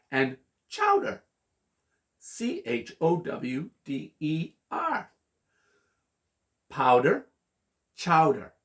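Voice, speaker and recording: A man teaching a phonics lesson to children, speaking slowly and patiently, spelling words out letter by letter in an animated, sing-song way. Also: a little high.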